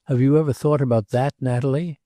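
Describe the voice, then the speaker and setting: A man's voice: mid-range voice, fairly even intonation, brisk, warm tone, no echo, clean studio sound, pitched above the performer's own voice, close to an everyday voice. A man reading aloud as a lovesick young male decorator, earnest and pleading.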